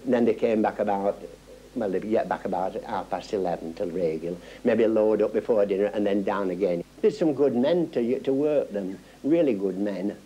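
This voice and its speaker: An older man with a Yorkshire accent, reminiscing in a halting way with many restarts. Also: fairly low pitch, mellow, husky. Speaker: local interviewee. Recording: dull lo-fi 1970s film sound.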